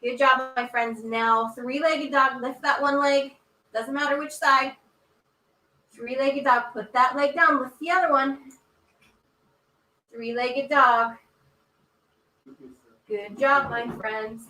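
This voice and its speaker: Woman, storytime yoga teacher, encouraging, bright tone, echoey indoor room. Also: high-pitched, fairly even intonation, takes it slowly, pauses often, distant mic. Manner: encouraging, cheerful, speaks to children. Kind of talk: storytime reading with yoga instruction. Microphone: camera mic.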